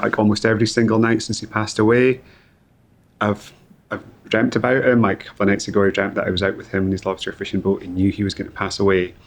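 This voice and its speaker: Low-voiced man, halting and grieving. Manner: halting, repeats words, grieving. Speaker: guest, company founder. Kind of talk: emotional interview conversation.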